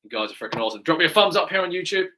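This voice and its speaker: A man's voice: high-pitched, animated, very fast, noisy background. A man with an English accent, a fitness coach chatting enthusiastically with viewers on a live stream Q&A, often tagging his sentences with "right?".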